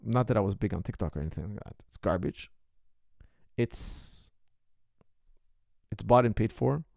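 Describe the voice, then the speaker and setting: A man's voice: on the low side, normal speed, gravelly, a little mellow, dry recording, clean studio sound. A man hosting a casual question-and-answer podcast as a martial arts coach, talking in a heated, indignant, emphatic way. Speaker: MMA coach and podcast host.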